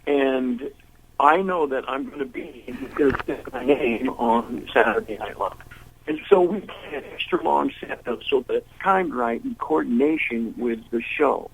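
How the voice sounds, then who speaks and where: A man's voice: mid-range voice, measured pace, gravelly, a little hiss or hum, poor audio. An older man, a blues singer interviewed as a guest, telling rambling anecdotes and acting out the voices of people in them. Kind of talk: casual storytelling interview.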